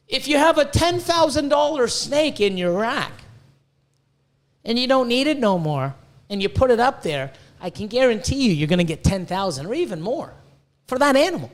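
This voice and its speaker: A man's voice: high-pitched, sing-song, fairly quick, a bit bright. A man hosting a podcast, ranting bluntly with constant swearing about breeding reptiles. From Canada. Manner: profane, heated, blunt.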